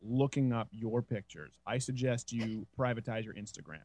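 A man's voice: mid-range voice, steady tone, moderate pace, darkish tone, no room sound. A man hosting a casual comedy podcast, joking and teasing his guests. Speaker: host.

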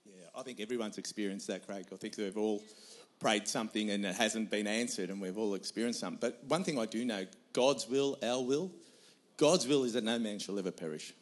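A man's voice: on the low side, fairly quick. A middle-aged man, a pastor, answering on a church panel in an earnest, emphatic way, repeating his points.

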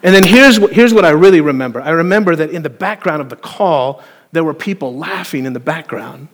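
A man preaching a sermon as pastor, telling a story with playful, animated asides to the congregation. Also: a little high, fairly quick. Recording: long hall reverb.

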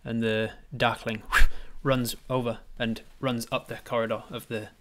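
A man's voice: mid-range voice, level tone, measured pace. A man acting as game master, narrating a tabletop game with vivid description.

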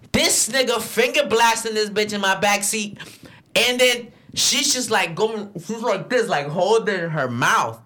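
A young man telling a story in a casual, profane chat, swinging into loud acted-out quotes. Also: sits high, animated, slow pace. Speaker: podcast co-host and rideshare driver.

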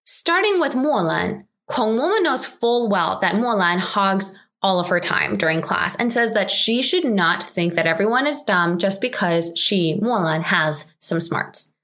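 A woman's voice: mid-range voice, expressive, a little slow, hardly any pauses, fairly bright tone. A woman hosting a drama recap, narrating scripted commentary in a wry, chatty, lightly sarcastic way.

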